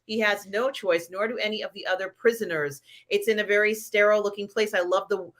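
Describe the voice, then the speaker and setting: A woman's voice: medium pitch, fairly even intonation, a little fast, fairly bright tone. A woman hosting a casual live pop culture chat, rambling with lots of fillers and giggles. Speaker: host.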